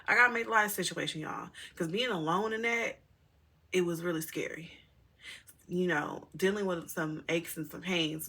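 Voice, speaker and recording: A woman's voice: low voice, creaky, a bit bright, husky. A middle-aged mother telling her viewers a personal story in a candid, rambling, emotional way, often calling them y'all. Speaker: single mother vlogger.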